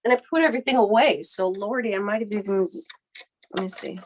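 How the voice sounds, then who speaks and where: A woman hosting a live card-making tutorial from her home craft desk, chatty and rambling as she thinks aloud, her voice a little hoarse from a cough. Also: medium pitch, a little fast, slight background noise. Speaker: card-making livestream host. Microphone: computer webcam mic at her desk.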